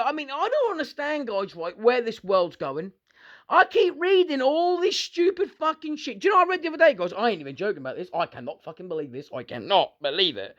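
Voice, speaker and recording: A man's voice: extremely high pitch, fairly bright tone, muffled recording. Ranting sweary British man. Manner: sweary, sarcastic, heated. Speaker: vlogger. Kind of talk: angry profane rant to camera.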